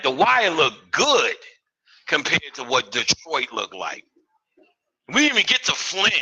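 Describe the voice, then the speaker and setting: A man's voice: fairly high pitch, bright, forceful tone, husky, poor audio. A man giving a live lecture, profane and streetwise, full of joking asides.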